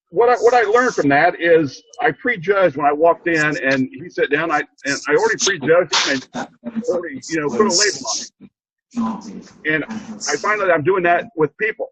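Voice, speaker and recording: An older man sharing a heartfelt story on a video call, earnest and halting, repeating himself as he gets choked up. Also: a little high, a bit bright, husky, no echo, low-quality recording. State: emotional, choked up. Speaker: program participant sharing a story. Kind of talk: heartfelt rambling testimony.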